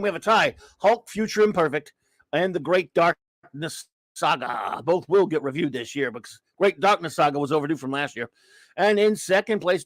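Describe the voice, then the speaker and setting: A man hosting a live comics talk show, chatting casually and rambling through friendly shout-outs to viewers in the chat. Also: on the high side, dry recording. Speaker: podcast host.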